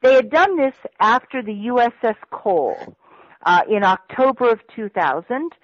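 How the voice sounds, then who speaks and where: A woman's voice: fairly high pitch, very animated, normal speed, dry recording. A woman guest on a radio interview, telling her story bluntly and emphatically. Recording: muffled radio audio, dry.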